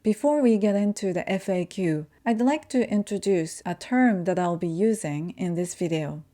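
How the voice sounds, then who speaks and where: Mellow-voiced woman teaching pronunciation. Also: fairly low pitch. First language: Japanese. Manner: slow, careful demonstration of sounds. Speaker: language teacher. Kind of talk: pronunciation lesson.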